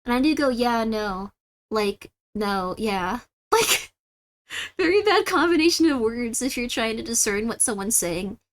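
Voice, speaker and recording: A woman's voice: fairly high pitch, moderate pace. A woman with a Californian Valley Girl accent who hosts a livestream, chatting casually with viewers and saying "like" constantly. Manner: says "like" constantly, chatty and rambling. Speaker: livestream host. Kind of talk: casual stream chat, reacting to viewers.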